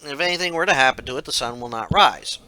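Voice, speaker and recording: A man's voice: mid-range voice, expressive, quick pace, sharp tone, dry recording. A man narrating a casual game retrospective, rambling, correcting himself and dropping wry asides. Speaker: game reviewer.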